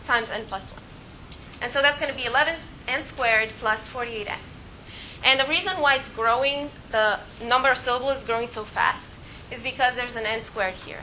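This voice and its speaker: Bright-voiced woman teaching math. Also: on the high side, a little hiss or hum, rough recording. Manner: explanatory, many fillers and restarts. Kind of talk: classroom math lecture.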